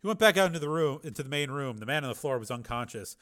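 A man reading a crime novel aloud, lively, with small slips and corrections. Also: medium pitch, racing. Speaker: reader.

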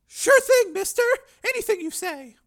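A man reading a crime novel aloud, putting on a shrill falsetto for frightened, pleading young women. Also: lively intonation, normal speed, creaky, a bit bright, full character voice. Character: terrified young female prostitutes, pleading.

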